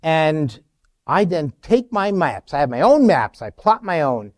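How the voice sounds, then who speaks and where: A middle-aged man giving a lively storytelling talk in a university auditorium, acting out quotes with sudden loud bursts. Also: fairly high pitch, a little slow. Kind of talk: animated storytelling.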